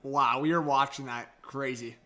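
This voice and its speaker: A man doing excitable live reaction commentary on a hockey game as a stream host, talking straight to his chat. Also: mid-range voice, normal speed. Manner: excitable, hyped, addresses the chat directly.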